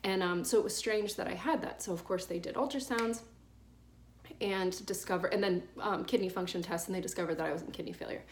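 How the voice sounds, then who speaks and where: A woman's voice: mid-range voice, fairly quick, a little hiss or hum. A young adult woman vlogger telling a long personal story in a casual, rambling way, full of fillers and restarts.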